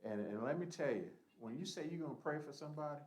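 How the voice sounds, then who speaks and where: A man's voice: fairly high pitch, expressive, quick pace, a little mellow, poor audio. Earnest man leading a Bible study. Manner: earnest, emphatic, conversational preaching. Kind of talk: church Bible study teaching.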